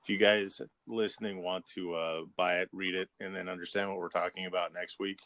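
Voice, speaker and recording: A man co-hosting a casual podcast, relaxed and rambling, laughing often. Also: deep voice, a little fast, no room sound. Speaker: podcast co-host. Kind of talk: casual chat.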